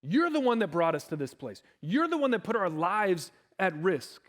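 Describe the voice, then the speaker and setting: A male pastor voicing frightened disciples crying out in a storm, pleading and accusing in a raised, high voice. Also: sing-song, normal speed, fairly bright tone. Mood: panicked accusing.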